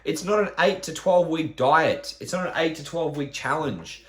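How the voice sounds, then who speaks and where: A man's voice: on the high side, normal speed, a bit bright. A man, a fitness trainer, ranting bluntly on his podcast with lots of swearing and rhetorical questions.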